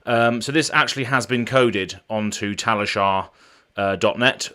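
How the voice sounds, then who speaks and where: A man with a fairly low voice talks loosely to his stream audience. He wanders through his thoughts with plenty of ums and repeated words. He sounds close to a desk mic. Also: steady tone, unhurried, pushed and bright. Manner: rambling, with frequent ums and restarts. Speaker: game streamer. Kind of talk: casual live-stream chat.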